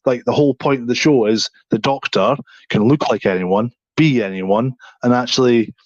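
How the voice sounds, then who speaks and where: A man co-hosting a casual podcast, talking in long rambling runs full of restarts and filler. His voice sits at an average pitch. The sound is dry and a little dull. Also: moderate pace, darkish tone, no room sound. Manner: rambling, many restarts and "you know what I mean". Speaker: podcast co-host. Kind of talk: casual chat.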